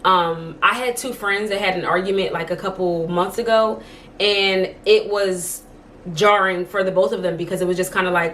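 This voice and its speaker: A woman's voice: medium pitch, moderate pace, fairly bright tone, slight background noise. A young woman vlogging from home, chatting casually to camera and telling stories, full of "like" fillers. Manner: chatty storytelling, many "like" fillers.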